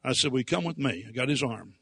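A man preaching through a story, animated and ringing with a bright, forceful edge to his voice. He swings from hushed asides to loud, emphatic bursts, and the sound is close and dry with no room around it. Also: mid-range voice, fast talker, creaky, breathy edge, no room sound. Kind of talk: storytelling sermon.

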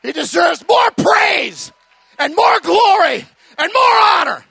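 Man, very high pitched, sharp bright tone, fiery sermon, shouting, emphatic repeated lists. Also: very animated, slow, vocal fry, dry recording, some chatter behind. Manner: shouting, emphatic, building litanies; repeats words when starting a phrase. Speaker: preacher.

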